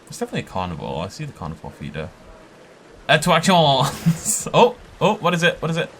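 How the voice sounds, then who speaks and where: A man giving an excitable, chatty tour of a park built in a game, laughing often as he goes. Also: mid-range voice, slight background noise. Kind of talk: casual gameplay commentary.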